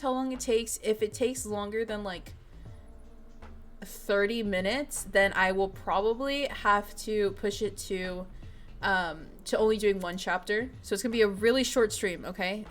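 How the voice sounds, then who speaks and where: A young woman chatting casually with her stream chat, bubbly and excitable, giggling often with lots of fillers. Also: mid-range voice. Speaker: streamer reading fanfiction to chat. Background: faint music.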